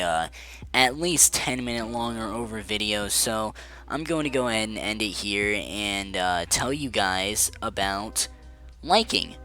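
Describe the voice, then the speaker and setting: A man's voice: medium pitch, bright, forceful tone. A man telling a story from his school days in a casual, sarcastic vlog.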